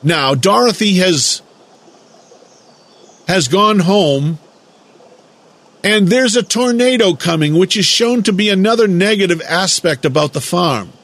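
A man delivering a slow, deliberate lecturing monologue, drawing out words for emphasis. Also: sits high, expressive, a bit bright. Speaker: speaker giving a monologue lecture.

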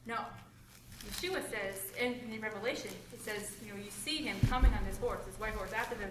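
A woman talks through a scripture passage at a group study, eager and explanatory, now and then catching and correcting herself. She sits some way from the mic in a roomy, echoing space. A steady hiss of noise runs underneath her voice. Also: mid-range voice, a little fast, recorded from a distance. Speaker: Bible study participant. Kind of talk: group discussion.

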